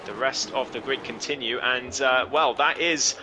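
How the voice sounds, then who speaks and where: A man commentating a sim race live, easygoing with lots of fillers, climbing in pitch when the action heats up. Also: normal speed, noisy background. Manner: relaxed, many fillers, rises sharply when action heats up.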